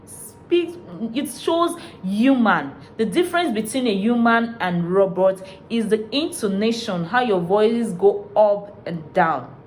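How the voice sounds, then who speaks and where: Woman tutor, mid pitch, unhurried teaching delivery, faint room hum. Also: animated, a little mellow. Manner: slow, deliberate teaching delivery. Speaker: IELTS tutor. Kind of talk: video lesson.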